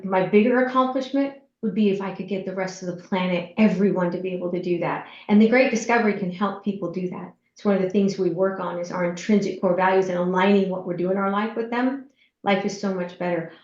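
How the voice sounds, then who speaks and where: A woman's voice: on the low side, echoey room, lo-fi sound. A woman speaking as an entrepreneur guest in an interview, heartfelt and repeating her phrases.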